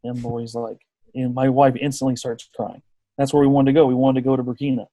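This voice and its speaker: A man in his thirties, a podcast guest telling a personal story with lively energy and slipping into the voices of the people he quotes. His voice is mellow and warm, recorded close and dry with no room sound. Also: medium pitch, quick pace, no echo. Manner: lively storyteller who acts out quoted dialogue.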